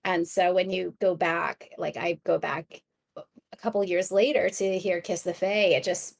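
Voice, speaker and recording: A woman author chatting as a podcast guest, enthusiastic and quick to laugh, often restarting her sentences. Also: on the low side, steady tone, gravelly. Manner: frequent restarts and stammers. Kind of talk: casual podcast chat.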